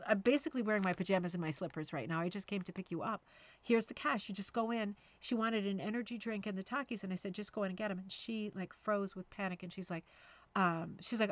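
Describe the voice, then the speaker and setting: A middle-aged woman with a medium-pitched voice talks briskly, recorded dry, while hosting a casual live-stream chat about rug hooking. She's chatty and self-deprecating, with frequent fillers and restarts.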